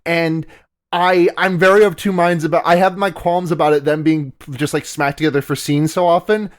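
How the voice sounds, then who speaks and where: A man with a fairly high voice co-hosting a casual podcast. He recaps an anime episode in a loose, rambling way, full of jokes and restarts. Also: steady tone, moderate pace. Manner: joking, rambling asides with restarts. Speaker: podcast co-host.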